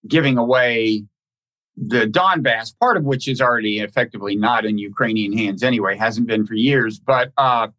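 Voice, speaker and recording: Halting, thoughtful male podcast host. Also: medium pitch, fairly bright tone. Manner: halting and thoughtful, with frequent restarts and repeated words. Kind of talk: casual conversational interview.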